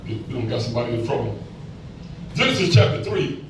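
Very animated and a little fast, a mid-range male voice belongs to a pastor in his sixties giving a folksy sermon with call-and-response to the congregation. The church recording is echoey and distant, with music and slight background noise.

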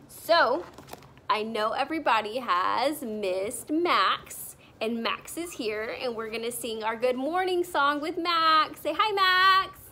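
High, slow sing-song preschool teacher woman. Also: a little hiss or hum. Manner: bright, sing-song, slow and encouraging, talking to small children. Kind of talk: online morning circle for young children.

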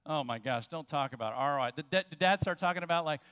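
A man preaching a sermon as pastor, telling jokes and stories with quick asides. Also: on the high side, fairly bright tone, clean tone. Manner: jokey storytelling with quick asides. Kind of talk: sermon with humor. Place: church sanctuary. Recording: long church hall reverb.

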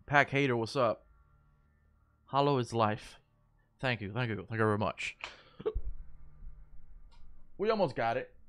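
A man's voice: medium pitch, a little slow, long pauses, a bit bright, no echo. A man livestreaming a game, chatting loosely with viewers in a rambling, profane way. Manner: rambling, swears freely, chats to viewers. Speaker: gaming livestreamer. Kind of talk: casual livestream chat while playing.

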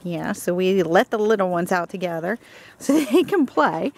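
A woman's voice: lively intonation, moderate pace, vocal fry. A woman outdoors talking in sing-song baby talk to her dogs while filming them. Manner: high sing-song baby talk with sweeping pitch jumps.

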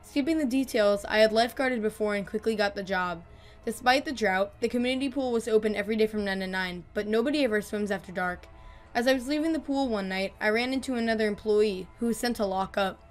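A woman narrating horror stories in a calm, measured read, her voice middle-pitched for a woman. She drops quieter on the darkest lines, and faint music plays beneath her. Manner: calm, measured, dropping softer on grim lines. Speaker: storyteller.

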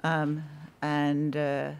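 A woman, giving formal testimony at a public inquiry and recounting a conversation in a measured, precise way with dry asides, on a desk microphone. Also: low voice, monotone, smooth. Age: 50s. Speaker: witness giving evidence. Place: hearing room of a public inquiry.

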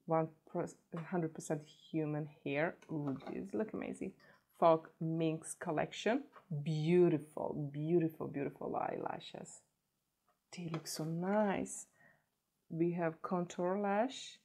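Low-voiced woman vlogger unboxing makeup, slow and gushy, keeps saying love love love. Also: gravelly. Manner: gushing, repeats words in excitement. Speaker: beauty vlogger. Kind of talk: casual unboxing chat.

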